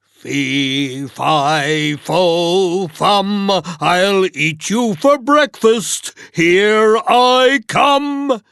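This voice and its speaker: A storyteller voicing a huge, greedy giant in a slow, low, threatening chant. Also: gravelly, fairly bright tone, smooth, dry recording, clean studio sound, exaggerated voice. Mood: menacing.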